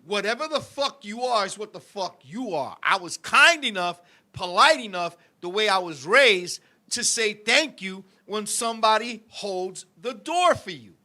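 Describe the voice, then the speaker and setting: A middle-aged man hosts a live-stream talk show, telling a story in a heated, profane rush. His voice sits unusually high for a man, with a sharp, bright edge. He keeps turning to his co-host and his viewers as he talks.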